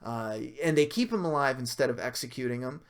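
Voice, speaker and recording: A man's voice: medium pitch, animated, a little fast, clean tone. A man hosting a casual livestream review, talking loosely with many fillers and restarts while reading out viewer comments. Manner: rambling, frequent fillers and self-corrections, laughs between points. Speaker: livestream host reviewing a TV episode.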